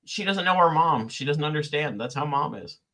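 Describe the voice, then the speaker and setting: A young man hosting a casual chat, animated and stammering, quick to laugh. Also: a little high. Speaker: podcast host.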